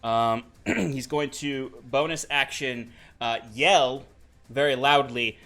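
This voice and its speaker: A man acting as game master, laying out rules and narrating in a relaxed way and laughing often. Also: mid-range voice, takes it slowly, faint music behind.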